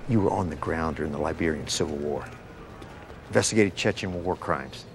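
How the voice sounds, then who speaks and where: A stern military commander in a film, blunt and commanding. The voice sits low. A steady rumble runs under the lines. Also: male voice, a little fast. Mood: persuading. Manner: blunt, commanding, matter-of-fact. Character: stern male military commander, middle-aged. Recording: film clip with loud background rumble.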